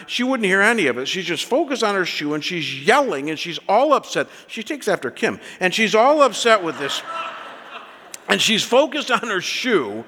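A man in his fifties preaching a sermon, telling stories in an animated way with many restarts. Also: high-pitched, moderate pace, big-room sound. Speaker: pastor.

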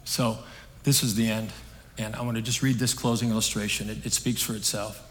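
A man preaching a sermon on a stage, telling a story in an earnest, conversational way that swings between emphatic and hushed. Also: on the low side, little pitch movement, a little fast. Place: stage in a large hall. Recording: long hall reverb.

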